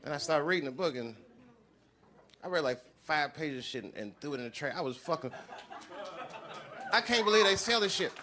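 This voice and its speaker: A man doing profane stand-up comedy on a live stage, animated and acting out the voices of people he quotes. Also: a little high, a little fast, long pauses. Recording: loud crowd laughter over noisy live sound.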